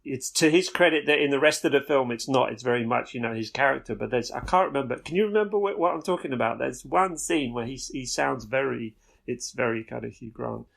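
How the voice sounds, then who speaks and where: A man's voice: mid-range voice, fairly quick, gravelly, fairly bright tone. A man who works as a film director, talking casually as a podcast guest and rambling through his thoughts with many restarts.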